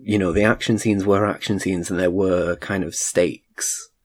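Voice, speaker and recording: A man's voice: sits low, steady tone, moderate pace, slightly rough. A man casually reviewing a film in a chat, rambling with frequent restarts. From United Kingdom.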